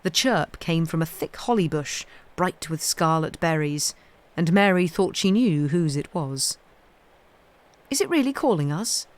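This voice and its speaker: A woman reading a classic children's novel aloud in a steady storytelling voice. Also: sits low, measured pace. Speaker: reader.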